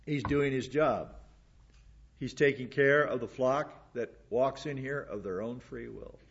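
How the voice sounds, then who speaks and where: A male pastor delivering a sermon, repeating words for emphasis and dropping into quiet asides. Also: mid-range voice, measured pace, vocal fry, breathy edge, highs cut off.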